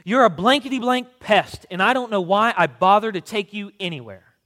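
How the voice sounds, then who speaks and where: A man doing a furious, shouting young mother. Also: high-pitched, expressive, normal speed, long reverb tail, pitched above the performer's own voice. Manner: shouting threats. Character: angry, bitter young mother scolding her son.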